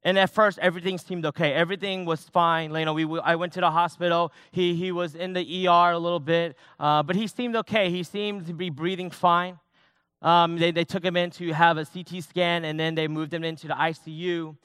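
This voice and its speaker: A man's voice: on the high side, level tone, brisk, a bit bright, clear, resonant tone, no echo, clean studio sound. A young man, a youth pastor, preaching a sermon in a personal, conversational way, often restarting his sentences.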